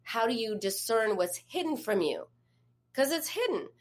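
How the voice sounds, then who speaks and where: A woman with a slightly high, very animated voice speaks at a normal pace. She is an eating disorder therapist and coach giving an advice talk, chatting conversationally and putting questions directly to the listener.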